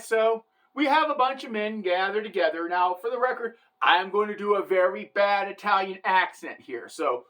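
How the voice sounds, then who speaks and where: An irreverent woman delivering a satirical comedy monologue, full of wisecracks and brags. She talks loosely and casually, with punchy asides. Her voice sits at a middle pitch. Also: fairly bright tone.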